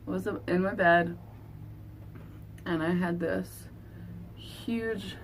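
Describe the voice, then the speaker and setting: A woman vlogger telling a painful personal story in an earnest, halting, confessional way. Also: lowish voice, fairly even intonation, slight background noise. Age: adult. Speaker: beauty vlogger.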